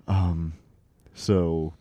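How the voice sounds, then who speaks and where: Give me a man hosting an improv comedy show, slow and wry, in a dry close sound. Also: deep voice, flat delivery, dark tone, no room sound, muffled recording. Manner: rambling, self-interrupting, wry. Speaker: podcast host.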